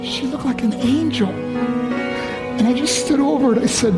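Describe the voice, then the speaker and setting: A man's voice: very high voice, lively intonation. American man, middle-aged, earnest personal speech, faint background music. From United States. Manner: earnest, pleading storytelling with vivid pauses. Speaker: motivational speaker. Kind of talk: emotional personal storytelling speech. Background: soft background music.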